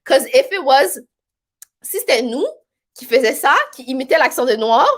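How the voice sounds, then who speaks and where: A woman's voice: high voice, lively intonation, moderate pace. A woman with a Québécois French accent hosting a casual live stream, chatty and rambling, with many fillers. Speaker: live stream host reading viewer comments.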